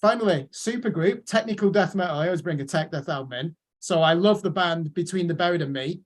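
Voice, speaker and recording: A man's voice: high-pitched, quick pace. A man with a northern English accent, co-hosting a music chat show in a chatty, amused way. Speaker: co-host. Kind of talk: casual chat, listing releases.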